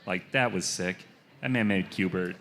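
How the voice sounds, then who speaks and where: A man's voice: low-pitched, unhurried, a bit bright, slight background noise. A man on a live podcast at a convention, chatting casually with self-deprecating jokes. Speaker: podcast co-host. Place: convention hall stage.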